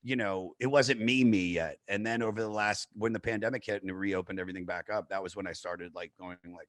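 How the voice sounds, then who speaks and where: A man's voice: on the low side, fairly even intonation, fairly quick, few pauses, no room sound. A man who is a comedian, talking as a podcast guest in a rambling, self-mocking way and swearing freely. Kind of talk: casual podcast chat.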